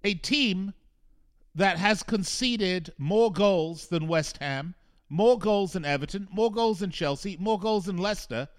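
A man hosts a soccer radio show, ranting in a frustrated, emphatic monologue. His voice sits notably high for a man. He drives each point home by repeating phrases. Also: a little slow. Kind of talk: opinionated sports talk monologue.

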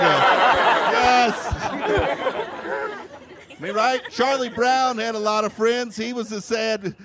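A man from Kentucky doing a stand-up comedy set, wry and self-mocking, with punchy asides to the crowd. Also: high-pitched. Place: comedy club stage. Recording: loud crowd laughter and room noise. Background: laughing and clapping audience.

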